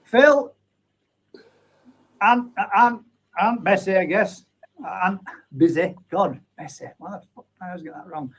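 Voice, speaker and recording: A man's voice: sits high, animated, measured pace, pauses often, poor audio. A man hosting a live chat stream. He reads out viewer comments and banters with his guests in a casual way. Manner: chatty, banters and reads names aloud.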